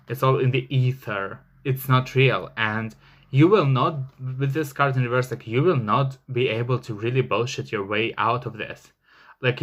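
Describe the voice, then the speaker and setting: A man reads tarot cards to camera in a loose, casual way. He talks emphatically, with many fillers and the odd curse. His voice sits at an ordinary middle pitch. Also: fairly bright tone. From Russia. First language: Russian. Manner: chatty and emphatic, heavy on "like" fillers and swearing. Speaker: tarot reader.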